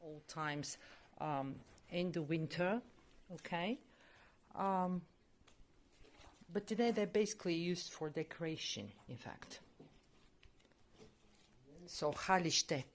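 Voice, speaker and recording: Chatty woman teacher. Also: on the low side. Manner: chatty, explains words warmly with many "okay"s and "um"s. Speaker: language teacher. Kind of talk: casual teaching vlog.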